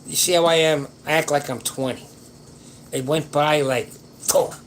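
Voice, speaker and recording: A man's voice: fairly high pitch, fairly even intonation, moderate pace, a little hiss or hum, poor audio. An older man hosting a casual late-night chat, giving rambling, folksy advice with slangy grammar to viewer questions. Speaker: livestream host answering viewer questions.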